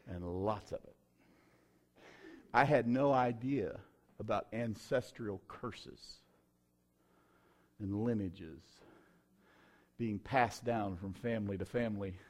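A middle-aged man, preaching his own testimony in a folksy, emphatic way with sudden loud bursts. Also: lowish voice. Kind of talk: sermon testimony.

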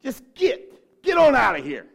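Brief: Jesus , put on by a preacher, calm and blunt, casual modern talk. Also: male voice, very high voice, measured pace, gravelly, voice pushed up, exaggerated voice. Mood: commanding. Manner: matter-of-fact, casual modern speech.

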